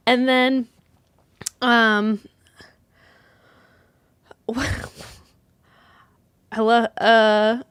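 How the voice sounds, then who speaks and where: A woman hosting a live yarn show in casual chat, bubbly and quick to laugh at herself, rambling with lots of restarts. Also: a little high, flat delivery, a bit bright, clear, resonant tone, dry recording.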